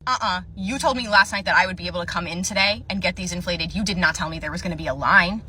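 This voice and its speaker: A woman's voice: on the low side, fast talker, pushed and bright, a little hiss or hum. A woman playing an entitled, rude female customer who swears and demands service in a comedy skit. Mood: indignant.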